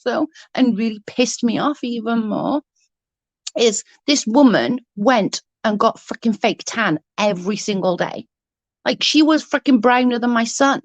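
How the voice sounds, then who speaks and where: A woman's voice: a little high, measured pace, dry recording. A woman in her thirties telling a story on her vlog in a casual, heated way, swearing freely and acting out what was said. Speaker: vlogger.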